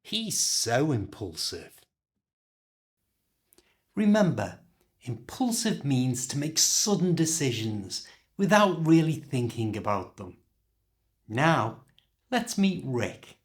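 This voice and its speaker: Slow, lively British English teacher. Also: male voice, mid-range voice. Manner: slow, clear, demonstrative delivery. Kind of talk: scripted pronunciation lesson.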